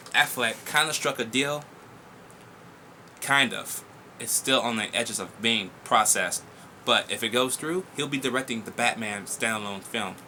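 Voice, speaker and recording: A young man hosting a casual viewer Q&A vlog, blunt, profane and excitable as he reads and answers questions. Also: medium pitch, slight background noise.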